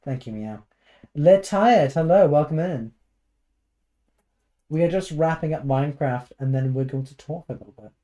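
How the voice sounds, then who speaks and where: A British man with a slightly hoarse voice, chatting casually and playfully with his live chat while gaming. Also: on the high side, normal speed, pauses often, mellow, slight background noise. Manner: rambling, playful, chatty asides. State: a little hoarse. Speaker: livestreamer.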